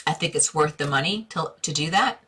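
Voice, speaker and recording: A woman's voice: low voice, a little fast, bright, forceful tone, breathy edge. A middle-aged woman hosting a live interior design stream, answering viewer questions in a chatty, direct way and using endearments.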